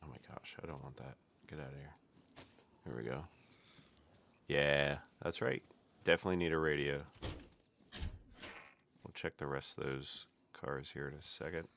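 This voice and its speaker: Through a dull, faintly noisy lo-fi mic, a streamer offers casual live commentary on a survival game, chatting with viewers while he plays. His bass voice is steady, creaky and a bit bright, at a moderate pace with long pauses.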